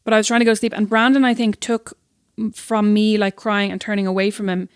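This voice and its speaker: Fast-talking teasing woman co-host. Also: mid-range voice, flat delivery, clear, resonant tone, no echo, studio quality. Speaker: podcast co-host. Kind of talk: casual chat.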